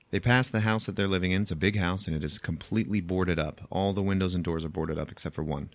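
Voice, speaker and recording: A man with a fairly low voice hosts a podcast, walking through a film's plot in loose, chatty recap. He curses freely and laughs at his own jokes. The sound is dry and close. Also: steady tone, fast, no echo. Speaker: podcast host recapping a film. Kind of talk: casual chat, plot recap.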